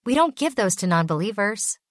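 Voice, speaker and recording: A woman reading the part of a stubborn young boy courier who gives flat, simple replies in a raised voice. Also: mid-range voice, brisk, no echo, clean studio sound, pitched above the performer's own voice, natural voice. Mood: plain.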